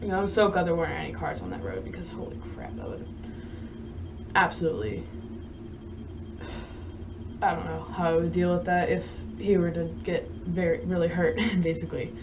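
A young woman vlogging, telling a story in a rambling, halting way with many fillers and soft laughs. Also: lowish voice, background noise. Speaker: vlogger and horse rider. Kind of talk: casual storytelling to camera.

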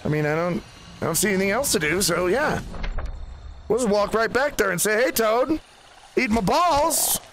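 A man's voice: sits high, lively intonation, a little fast, long pauses, fairly bright tone, slight background noise. A man playing a VR game, chatting animatedly, swearing and talking to the characters. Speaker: gaming host. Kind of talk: VR game let's play commentary. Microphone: VR headset.

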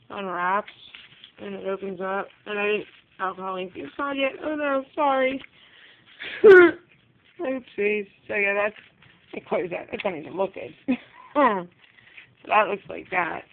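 A woman casually showing off her handmade crafts on a home video, chatty and rambling, with quick apologetic asides. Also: mid-range voice, slight background noise. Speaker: craft vlogger. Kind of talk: casual craft show-and-tell. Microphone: phone camera. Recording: tinny phone-quality recording.

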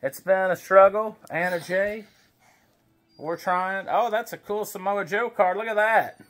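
Bright-voiced dad chatting over card packs. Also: male voice, high voice, a little slow, faint music behind. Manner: chatty, talks to his baby while reading card names. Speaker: wrestling card collector vlogger. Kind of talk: casual pack-opening chat. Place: home.

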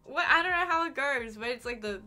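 Young aussie woman streaming, chatty and sweary, bright high-ish voice, music going underneath. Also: lively intonation, fairly quick. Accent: Australian, mild. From Australia. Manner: chatty, swears freely, reads chat aloud. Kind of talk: casual live-stream chat.

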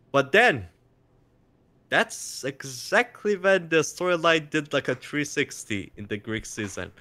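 A man talking as a guest in a casual interview, excitable and jokey, slipping into playful mock voices. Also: on the high side, measured pace. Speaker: interview guest, content creator.

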